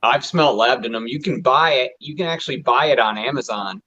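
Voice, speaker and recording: A man's voice: mid-range voice, brisk, pushed and bright, slightly rough, highs cut off. A man in a casual livestream chat, speaking with emphatic enthusiasm.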